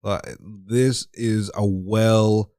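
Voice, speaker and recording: A man's voice: lowish voice, steady tone, drawn-out words, mellow, no room sound, clean studio sound. A man co-hosting a casual film podcast, blunt and profane, often restarting his sentences. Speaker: podcast co-host. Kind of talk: casual film review chat.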